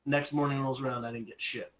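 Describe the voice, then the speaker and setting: A man's voice: medium pitch, level tone, fast talker, a little hiss or hum, poor audio. A young man co-hosting a podcast, telling long profane stories in casual chat. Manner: profane rambling storyteller. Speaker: podcast co-host.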